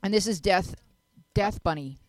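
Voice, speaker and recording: A woman hosting a panel talk show, chatty and upbeat and quick to laugh. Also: medium pitch, no echo. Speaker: show host.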